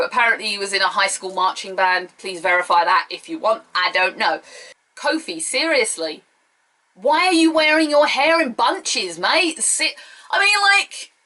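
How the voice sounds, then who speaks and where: A young woman giving a casual, opinionated, excitable wrestling review on her own. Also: fairly high pitch, rough recording.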